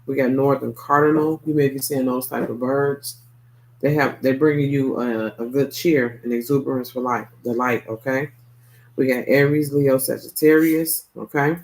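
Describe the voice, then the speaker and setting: A man's voice: medium pitch, fairly even intonation, moderate pace, rough recording. A man giving a casual, profane tarot reading, tagging his points with a questioning "okay?". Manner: loose and profane, tags lines with "okay?". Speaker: tarot reader.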